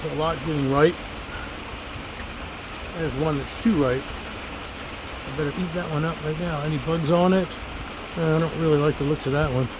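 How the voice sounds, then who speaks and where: Older man, seventies, ex-teacher, casual rambling garden vlog, a bit high-pitched. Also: fairly even intonation, normal speed, long pauses, background noise. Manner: chatty, rambling, digressive. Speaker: fig grower and former teacher. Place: outdoors among fig trees.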